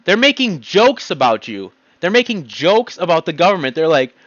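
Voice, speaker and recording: A man rants in a blunt, agitated way, his voice sitting a bit high for a man. The recording is dull and lo-fi, with a close, dry sound and no room around it. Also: sing-song, moderate pace, few pauses, a bit bright, no echo. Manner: blunt, agitated, heavy swearing. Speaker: vlogger. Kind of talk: ranting monologue. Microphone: home computer mic.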